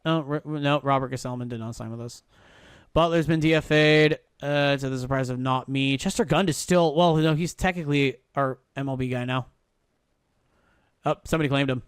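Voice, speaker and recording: A man's voice: mid-range voice, normal speed, clear, resonant tone, dry recording, clean studio sound. Swearing man streaming a baseball game. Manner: swears freely, mutters and thinks aloud. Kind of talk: casual live-stream commentary.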